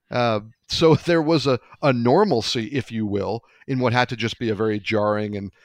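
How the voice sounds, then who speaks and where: A man's voice: mid-range voice, moderate pace, hardly any pauses, no room sound. Conversational man hosting sports talk. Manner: conversational, hesitant, asks co-host questions.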